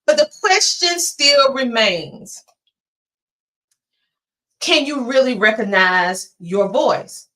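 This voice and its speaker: Southern-accented woman, motivational speaker, earnest and emphatic, pauses for effect. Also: on the high side, lively intonation, bright, forceful tone. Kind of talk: motivational presentation.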